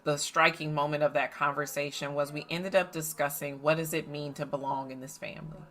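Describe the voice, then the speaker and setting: A middle-aged woman coach telling a family story in a lively, animated way, acting out the voices of the people in it. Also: deep voice, a little fast, hardly any pauses. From United States. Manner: animated, acts out family dialogue. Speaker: coach and facilitator. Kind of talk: storytelling podcast monologue.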